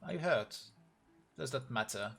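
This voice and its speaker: A man's voice: mid-range voice, expressive, moderate pace, creaky, sharp tone, breathy edge, soft background music. A man on a live stream reading a game's story aloud, voicing every character in his own voice and getting emotional.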